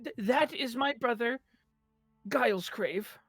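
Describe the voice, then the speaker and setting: A game master voicing a trio of nervous, stammering bird-folk tavern keeper brothers in a very high voice. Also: slow pace, a bit bright, husky, no echo, soft background music, heavily acted. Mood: flustered. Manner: stammering, panicky.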